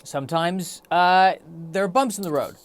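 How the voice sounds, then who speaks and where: A man's voice: high-pitched, normal speed, smooth. A man hosting a solo podcast, rambling in a wry, self-deprecating way. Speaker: podcast host. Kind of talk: solo comedic podcast monologue.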